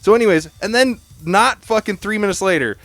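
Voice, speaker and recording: A man's voice: high-pitched, a little fast, fairly bright tone, dry recording. A young man co-hosting a podcast, telling a story in casual, profane chat. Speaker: podcast co-host.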